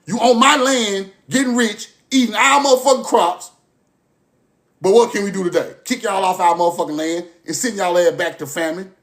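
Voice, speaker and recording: A man delivers a passionate, profane monologue straight to his listeners. His voice sits high, and he keeps circling back to the same phrases. He moves from forceful outbursts to low, muttered stretches. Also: normal speed. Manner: forceful, repetitive, profane, swings from loud to low. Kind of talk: impassioned monologue to camera.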